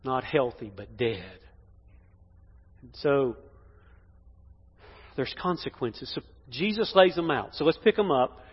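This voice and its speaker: A pastor preaching a sermon in a church, emphatic, swinging between loud declarations and hushed lines. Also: male voice, medium pitch, lively intonation, takes it slowly, pauses often, husky. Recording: dull echoey hall sound.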